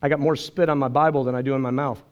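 A man's voice: mid-range voice, steady tone, very fast, smooth. A man preaching a sermon as pastor, earnest and emotional, telling stories and quoting others. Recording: dull lo-fi sermon recording.

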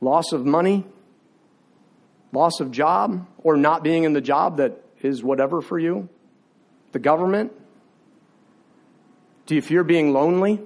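A man's voice: fairly high pitch, a little slow, long pauses, a little mellow. A man preaching a sermon in an impassioned, confessional way, building through repeated phrases.

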